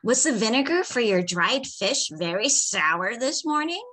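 Woman reading as a joking old grandpa, high and bright, wails his lines from a storybook. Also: big pitch swings, unhurried, heavily acted. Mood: cheerful teasing. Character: punning cheerful old man, wailing.

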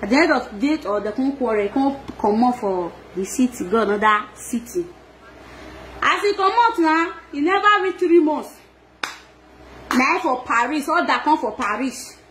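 Nigerian Pidgin woman, high voice, animated gossip vlogger, laughs and scolds often. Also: normal speed, slight background noise. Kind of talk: casual gossip monologue.

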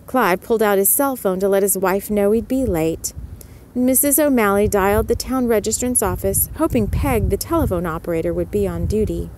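A woman narrating a story in a soft whispered role-play, lifting her voice for the characters. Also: medium pitch, normal speed, a little hiss or hum.

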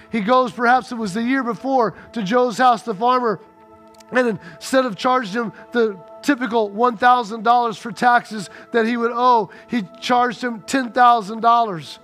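Pastor, male, high voice, lively conversational storyteller. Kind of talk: storytelling sermon.

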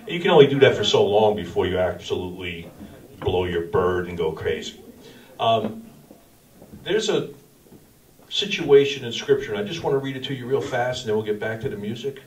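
At a small church cafe venue, a middle-aged pastor delivers an informal sermon, spinning slangy, animated stories from his own life. His voice sits lowish and moves at a moderate pace. He's captured from far off in an echoey room.

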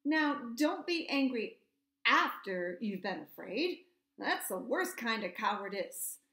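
A woman voicing a proud male cavalry troop horse who lectures in an earnest, brisk way. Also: fairly high pitch, big pitch swings, pushed and bright, roomy sound, exaggerated voice.

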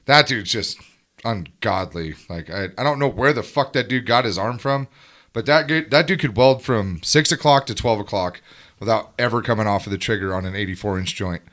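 A man's voice: on the low side, moderate pace, fairly bright tone. Emphatic profane tradesman. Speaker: podcast guest, welder. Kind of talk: casual podcast chat.

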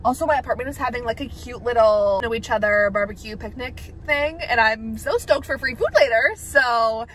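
A woman's voice: a little high, expressive, normal speed, a bit bright, low-quality recording. A young woman vlogging in a bubbly, chatty way, filling her talk with "like". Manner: bubbly, chatty, heavy use of "like". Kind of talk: casual vlog chat.

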